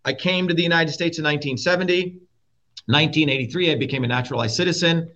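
A man from India, a guest in a heated interview, talking bluntly and forcefully, swearing and repeating his points. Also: on the high side, fast talker. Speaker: guest, presidential candidate. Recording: dull lo-fi audio.

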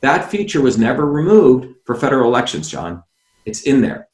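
A man's voice: mid-range voice, big pitch swings, normal speed, darkish tone, echoey room. A man guest on a video call, explaining insistently, asking rhetorical questions and addressing the host by name. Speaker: interview guest, former candidate.

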